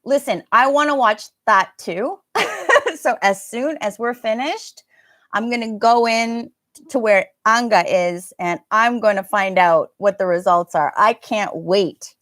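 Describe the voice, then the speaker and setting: A woman's voice: medium pitch, a little slow, fairly bright tone, no room sound, clean studio sound. A woman with an American accent teaching a live online pronunciation class, chatting and laughing as she answers viewer comments. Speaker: English teacher.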